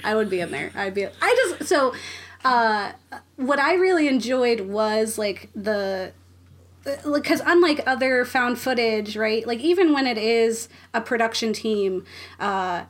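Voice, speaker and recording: A woman with a fairly high voice hosting a casual podcast chat. She talks loosely and breaks into giggles often. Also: lively intonation, a little slow. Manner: giggly, frequent laughter. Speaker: podcast host.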